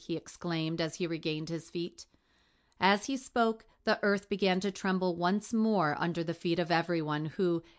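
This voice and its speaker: A woman reading a classic adventure novel aloud as narration, lightly shifting her voice for the characters' lines. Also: on the low side. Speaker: audiobook reader. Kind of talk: scripted narration.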